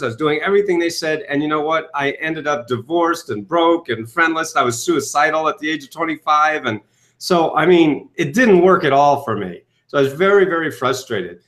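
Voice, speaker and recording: A man, a self-help author, telling his story in an interview with lively acted-out quotes. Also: a little high. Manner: enthusiastic, quotes himself and audiences in lively asides.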